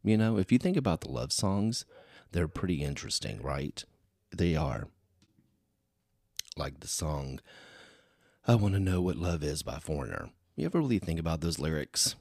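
A man's voice: extremely low pitch, big pitch swings, normal speed, creaky, pauses often, darkish tone, husky, no room sound, studio quality. A man hosting a solo podcast, talking in a rambling, chatty way that is full of "you know". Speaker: podcast host. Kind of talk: casual solo podcast chat.

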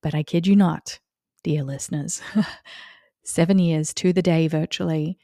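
Woman, 40s, from Australia, podcast host; low, warm, unhurried delivery, dry close-mic recording. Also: vocal fry, no room sound. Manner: unhurried, often laughing as she talks. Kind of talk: reflective spiritual podcast talk.

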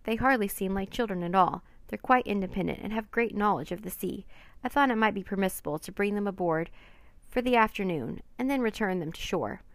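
A woman's voice: mid-range voice, fairly quick, no echo, close to an everyday voice. A woman voicing a polite, friendly male scientist who speaks formally.

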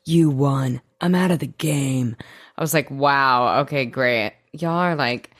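A woman with a low voice talks through a TV episode in loose, casual chat. She swears often and jumps into quoted lines of dialogue. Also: a little slow. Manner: animated, swears freely, acts out quotes. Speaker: podcast co-host.

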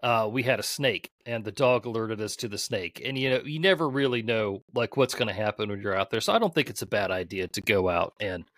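Low-voiced man, dry close sound. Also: brisk, few pauses, dry recording. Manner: steady, agreeable, many short affirmations. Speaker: podcast guest. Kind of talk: casual chat.

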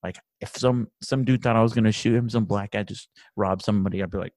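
A man's voice: on the low side, steady tone, fast talker, few pauses, darkish tone, dry recording, studio quality. A man in a casual podcast conversation, rambling and swearing often, who grows heated as he talks. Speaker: podcast guest or co-host, police trainee.

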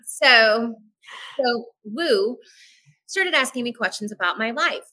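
A woman guest on a podcast, telling a personal story in a frank, animated way and acting out the dialogue. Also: on the high side, rough recording. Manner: animated, acts out dialogue in quick voices; frank, swears casually. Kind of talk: candid personal storytelling in a casual podcast chat.

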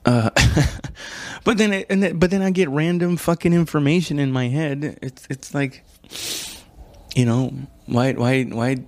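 A man's voice: a little high, steady tone, normal speed, a little mellow, no room sound. A man doing a casual comedic monologue, rambling and profane, often stopping to correct himself and calling the listener "dude". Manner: laid-back, addresses listener as "dude".

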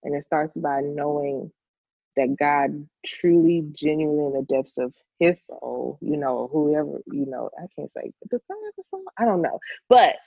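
Casting: woman podcast co-host, animated, dry close sound, a bit muffled. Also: deep voice, moderate pace, creaky, no room sound. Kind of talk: casual faith talk.

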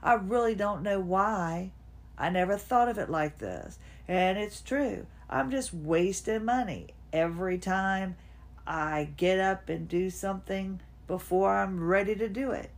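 A woman's voice: mid-range voice, measured pace. A woman in her fifties hosts a casual personal monologue from home. She rambles from one thought to the next and sometimes talks to herself. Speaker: podcast host. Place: at home, seated.

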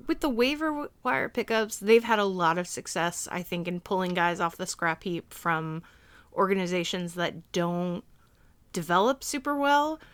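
A woman gives blunt, opinionated takes in a casual sports podcast. Her voice is smooth and clear, and it is recorded dry and close. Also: mid-range voice, fairly bright tone, no echo. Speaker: podcast co-host.

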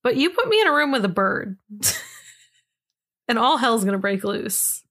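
A woman's voice: fairly high pitch, very animated, a little slow, fairly bright tone. A young woman co-hosting a podcast in casual chat, rambling and giggly, swearing freely. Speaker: podcast co-host.

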